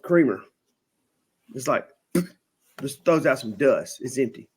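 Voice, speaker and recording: This man hosts a podcast and has a husky, medium-pitched voice with a slow pace. He relaxes into a long, funny story, animatedly mimicking the people in it.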